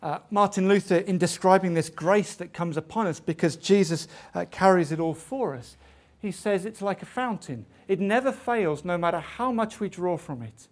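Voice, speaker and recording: A man's voice: sits high, animated, normal speed. A man preaching a sermon, asking rhetorical questions and building to emphatic peaks.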